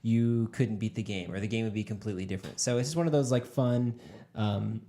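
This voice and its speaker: A man's voice: fairly low pitch, brisk, warm tone. A young man hosting a casual podcast chat, laughing often and talking around his point with many fillers. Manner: giggly, rambling, lots of fillers. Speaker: podcast host.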